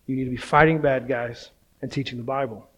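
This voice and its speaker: A man's voice: medium pitch, fairly even intonation, brisk, fairly bright tone. A man in his thirties, a pastor, preaching a sermon in a casual, self-deprecating storytelling way, often checking in with "right?".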